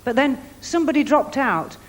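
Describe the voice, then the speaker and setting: A woman's voice: high voice, lively intonation, moderate pace. A woman presenting a televised talent show, chatting and building up to the next act's name. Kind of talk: introducing acts on stage. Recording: old TV broadcast with music behind.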